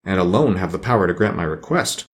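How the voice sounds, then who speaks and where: A man's voice: sits low, lively intonation, fast talker. A man voicing a cowardly male lion who blusters and pleads in a storybook reading. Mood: boastful. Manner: boastful, pleading.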